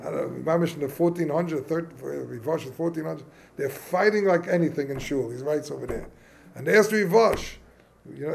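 A man gives an informal Torah class, peppered with Hebrew and Yiddish terms. His voice sits a little high. He asks questions and works through the points in a loose, chatty way. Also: moderate pace, vocal fry, a little mellow, slight background noise. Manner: casual, questioning, yeshivish phrasing mixed with English. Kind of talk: informal Talmudic lesson.

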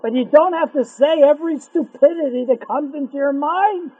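A man teaching a religious class to men, telling a story with animated humor. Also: extremely high pitch, moderate pace. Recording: tinny phone-like line.

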